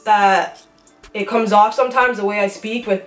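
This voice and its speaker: A woman's voice: mid-range voice, steady tone, moderate pace, recorded from a distance. A young woman with a Toronto accent telling a story to camera in a casual, slangy, blunt way. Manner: slangy, blunt delivery she calls rough. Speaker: vlogger. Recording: roomy sound from off-mic, faint music.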